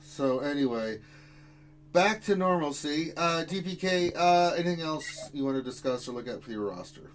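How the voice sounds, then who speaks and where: A man's voice: fairly high pitch, animated, moderate pace, a little hiss or hum, rough recording. A man hosting a casual gaming stream, rambling and swearing with playful exasperation. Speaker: stream host.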